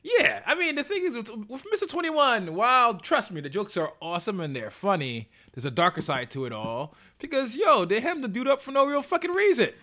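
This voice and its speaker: High-voiced man joking on a podcast. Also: very animated, brisk, few pauses, pushed and bright. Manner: joking, laughs often. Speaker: podcast co-host. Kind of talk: casual podcast chat.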